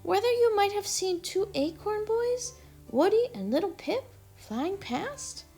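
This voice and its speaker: A woman's voice: extremely high pitch, animated, unhurried, warm tone, faint music behind, pitched above the performer's own voice, exaggerated voice. A woman voicing a timid little hazelnut girl who stammers nervously in a storybook reading.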